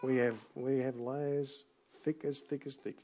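A middle-aged man preaching a sermon in a relaxed, conversational way, full of restarts and asides. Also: medium pitch, a little slow. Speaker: pastor.

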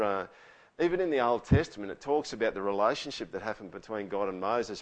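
A man preaching a conversational sermon, often asking the listeners questions. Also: on the low side. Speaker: pastor.

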